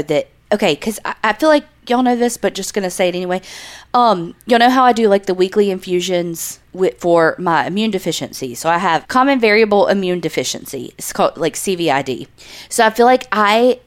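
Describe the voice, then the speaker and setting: Hoarse lady cohosting a podcast, sick w bronchitis, chatty n self-deprecating. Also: medium pitch. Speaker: podcast co-host. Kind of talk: casual chat.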